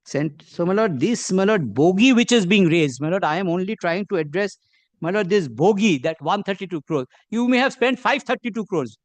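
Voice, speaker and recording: Middle-aged male advocate with an Indian English accent, fairly high voice, halting and deferential delivery with pointed questions. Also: animated, no room sound. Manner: halting, peppers every phrase with "my lord". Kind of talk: courtroom legal argument.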